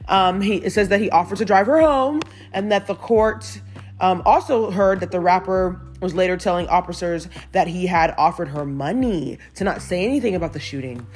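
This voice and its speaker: A woman's voice: fairly low pitch, moderate pace, darkish tone, soft background music. A woman hosting a celebrity gossip news show, reading stories aloud and adding her own chatty opinions with a giggle, her voice still recovering after being lost. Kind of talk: casual gossip news commentary.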